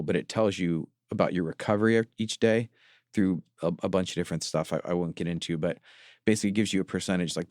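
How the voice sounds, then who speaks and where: A man with a low voice talks earnestly in a reflective podcast chat, often pausing to find his words. The sound is dry and close, with almost no room around it. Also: darkish tone, dry recording. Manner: earnest, confessional, searching for words. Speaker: podcast co-host.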